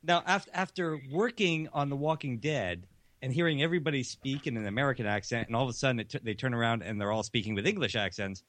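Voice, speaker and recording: A man's voice: mid-range voice, fast talker, a bit bright, no echo. A man co-hosting a talk show, asking questions in an easygoing way with a few stumbles. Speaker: co-host. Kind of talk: casual radio interview.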